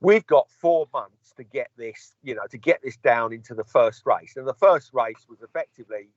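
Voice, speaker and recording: A man's voice: mid-range voice, normal speed, no echo. A man telling a long, sweary anecdote in a casual podcast chat and acting out the people he quotes. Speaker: podcast co-host. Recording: dull lo-fi podcast audio.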